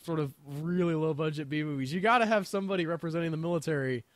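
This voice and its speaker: A man's voice: a little high, quick pace, no echo. A man co-hosting a podcast in casual chat, enthusiastic and rambling with lots of fillers. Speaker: podcast co-host.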